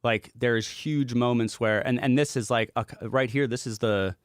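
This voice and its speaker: A man's voice: medium pitch, fairly even intonation, moderate pace, clear, resonant tone, dry recording, clean studio sound. A man casually walking through a song's production session as a music producer, chatty and rambling and swearing now and then.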